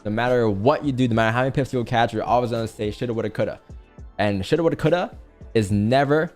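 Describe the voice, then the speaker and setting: A man hosting a casual livestream, coaching viewers with rapid rhetorical questions. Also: mid-range voice, soft background music. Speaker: livestream trading host.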